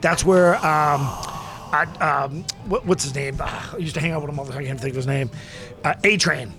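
A man's voice: on the high side, brisk. Guy in his 40s from massachusetts rambling through stories on a podcast, does everyone's voices. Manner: rambling, animated, acts out voices in anecdotes. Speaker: interview guest, former pro wrestler. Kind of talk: casual storytelling.

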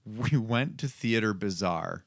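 A man telling a story in relaxed podcast chat, chuckling as he goes. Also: lowish voice, measured pace, vocal fry, dry recording, studio quality. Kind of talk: casual chat.

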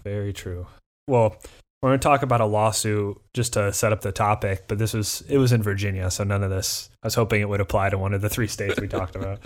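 A man from the American Midwest co-hosting a legal business podcast in casual, laid-back chat, often trailing off quietly. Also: on the low side, steady tone, quick pace. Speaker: podcast co-host and lawyer.

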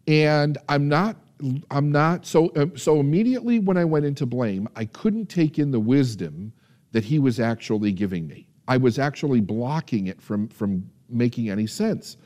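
A man telling a personal success story as a motivational speaker, acting out the voices in his dialogue with dramatic pauses. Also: lively intonation, a little mellow. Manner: storytelling, acts out quoted dialogue with shifting pitch and dramatic pauses. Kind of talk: personal story told to an audience.

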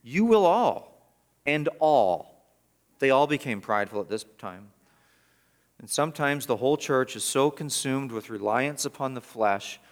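A middle-aged male pastor preaching verse by verse, swinging from loud emphatic peaks to low, quiet asides. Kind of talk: expository sermon.

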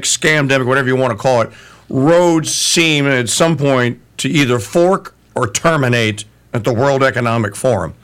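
A man hosting a talk radio interview, animated and opinionated, often stumbling over restarts. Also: mid-range voice.

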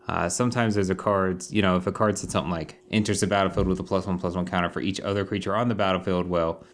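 A man hosting a podcast in casual chat, playful and often laughing while reading cards. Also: deep voice. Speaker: podcast host.

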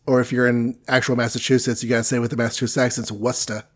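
A man's voice: medium pitch, monotone, racing. Casual man recapping comics. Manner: recaps stories loosely, with offhand asides. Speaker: podcast co-host reviewing comics. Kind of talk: casual chat.

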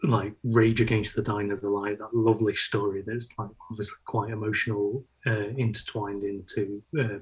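Husky man, flat delivery. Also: fairly low pitch, poor audio. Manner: explains things in halting run-on sentences with many fillers. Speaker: podcast co-host and brand creative. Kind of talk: casual podcast chat.

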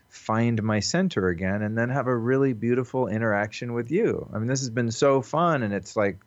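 Earnest male podcast guest with a low voice, reflective and casual; dry, lo-fi call recording. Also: dry recording. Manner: earnest, reflective, loose with swearing. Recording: dull, lo-fi call audio.

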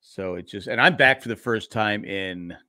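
A man's voice: on the low side, normal speed, sharp tone, no room sound, studio quality. A middle-aged man co-hosting a podcast, rambling through a story in casual chat with restarts and laughs. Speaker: podcast co-host.

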